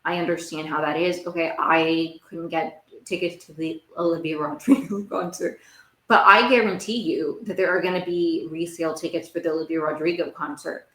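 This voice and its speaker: A woman's voice: deep voice, fairly even intonation, normal speed, fairly bright tone. A young woman hosting a podcast, recapping TV shows in a casual, rambling monologue. She speaks emphatically, says "like" a lot and repeats her phrases. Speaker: podcast host. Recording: roomy echo.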